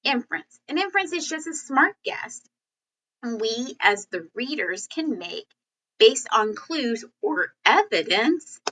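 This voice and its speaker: A woman teacher talks through a lesson in a chatty, animated way, now and then acting out example sentences. Her voice sits a little high and sounds bright and crisp. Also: takes it slowly, poor audio. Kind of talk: classroom lesson video.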